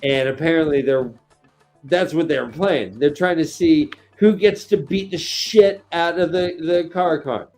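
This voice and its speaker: Animated man recapping a book. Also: on the high side, measured pace, faint music behind. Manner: animated, acts out scenes with sound effects. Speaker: podcast co-host. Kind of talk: casual book-discussion chat.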